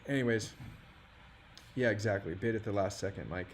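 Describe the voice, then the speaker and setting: A man's voice: lowish voice, normal speed. Man, 30s, livestream host, rambling, self-deprecating, light background noise. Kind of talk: casual livestream chat.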